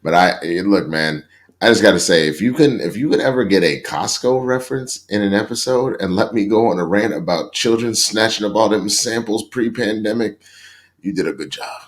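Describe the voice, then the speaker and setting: Low-voiced dude rambling about a show, laid back and slangy. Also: male voice, fairly quick. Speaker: co-host of a TV review show. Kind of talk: casual review chat.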